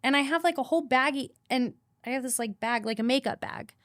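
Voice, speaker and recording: A woman's voice: sits high, a little fast, fairly bright tone, no echo. Young woman, podcast guest, blunt, swears a lot, repeats for emphasis, dry sound. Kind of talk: candid personal storytelling.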